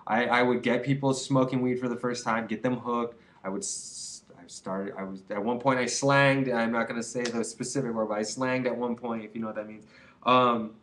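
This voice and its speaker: In a casual advice video, a young man speaks to camera with a mid-range, slightly bright voice, keeping a steady tone and a fairly quick pace. His monologue wanders, sounding earnest and full of fillers.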